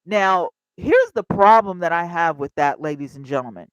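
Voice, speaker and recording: A woman in her fifties hosting a casual livestream, chatty and animated, talking straight to her viewers. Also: on the low side, moderate pace, no echo, lo-fi sound. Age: 50s. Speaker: livestream host.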